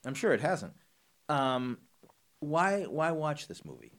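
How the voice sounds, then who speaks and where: A man co-hosting a casual movie chat, talking in halting bursts with many restarts and a wry edge. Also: fairly high pitch, very animated, a bit bright. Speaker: podcast co-host.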